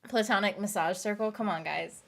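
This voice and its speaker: A woman in her thirties hosts a loose late-night stream chat, reading and answering her viewers as she goes. She laughs often, rambles, and lets her sentences trail off. She sounds tired, and her voice sits at an ordinary middle pitch. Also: a little fast, gravelly, fairly bright tone. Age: 30s.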